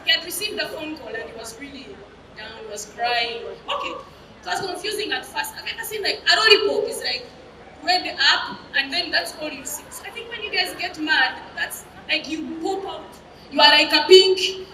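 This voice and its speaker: A Ugandan woman in her thirties performing stand-up comedy, telling animated stories and breaking into laughter. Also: sits high, moderate pace, slight background noise. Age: 30s. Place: live comedy stage. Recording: roomy live hall from a distance.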